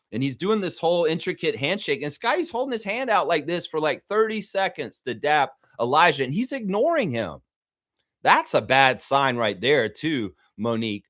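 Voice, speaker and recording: A man's voice: medium pitch, fairly bright tone. A man hosting a fan show, ranting in a heated, profane, indignant way to a co-host.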